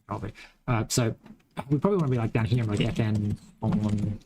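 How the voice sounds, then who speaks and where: A man's voice: on the low side, fairly quick, background noise. A man with a mild West Australian accent, a game developer chatting casually while coding, thinking aloud, rambling and swearing now and then. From Western Australia. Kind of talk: casual live-coding chat.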